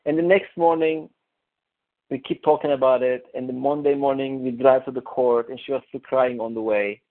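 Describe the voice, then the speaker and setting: A man on a coaching call, talking in a halting way, restarting and searching for words. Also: mid-range voice, steady tone. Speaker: coaching client. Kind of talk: casual conversation on a coaching call. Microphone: call audio. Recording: narrow phone-line call audio.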